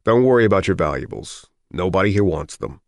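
A man's voice: deep voice, lively intonation, a little fast, dry recording, clean studio sound. A man voicing a bored, curt male doctor who snaps clipped orders during an audiobook reading. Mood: curt commanding.

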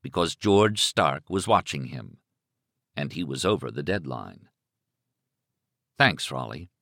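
A man narrating an audiobook in a measured, suspenseful storytelling manner on a close studio mic. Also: rumbling low, sing-song, fairly bright tone, dry recording. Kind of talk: scripted narration.

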